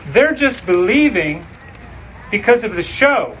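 Bright, high-voiced preaching man. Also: lively intonation, slight background noise, poor audio. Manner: dramatic preaching with slow emphatic phrases. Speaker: pastor. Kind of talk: sermon.

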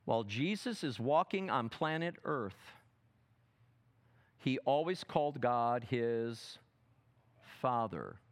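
A man teaching a sermon seminar, dramatic, asking the audience questions and swinging from loud emphatic quotes to soft asides. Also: mid-range voice, animated, takes it slowly, long pauses, smooth. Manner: asks the audience fill-in questions. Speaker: preacher.

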